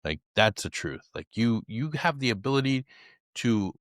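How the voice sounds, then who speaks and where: A man hosting a podcast, talking in a casual, profane, animated way. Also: mid-range voice, moderate pace, dry recording, studio quality. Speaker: podcast host. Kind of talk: casual conversation.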